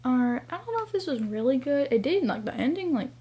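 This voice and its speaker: Tired young woman chatting quietly at night. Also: sits high, very animated, brisk, slightly rough. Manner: chatty, giggly, often drops to a hushed near-whisper. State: tired and sleepy late at night. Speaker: book vlogger. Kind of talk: casual chat to camera. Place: home at night with family nearby.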